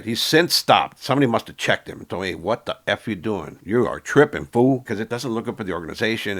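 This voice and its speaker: Deep gravelly guy doing commentary, keeps saying right?, repeats himself for emphasis. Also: fairly bright tone. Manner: emphatic, repeats points, asks "right?" often. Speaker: host. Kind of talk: commentary on a criminal case.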